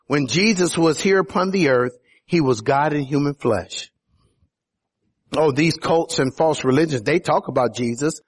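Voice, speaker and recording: A man's voice: high-pitched, breathy edge. A man preaching a sermon as pastor, building to emphatic peaks on key phrases.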